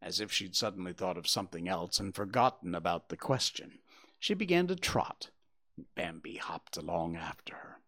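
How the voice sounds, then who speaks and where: A man reading a children's story aloud with expressive, gentle narration. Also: low voice, moderate pace.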